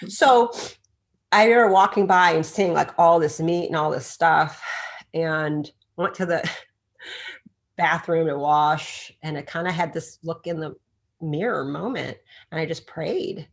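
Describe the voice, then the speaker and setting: Low-pitched, unhurried and creaky, this middle-aged chiropractor spins animated stories as a podcast guest. When she quotes someone, she performs their voice.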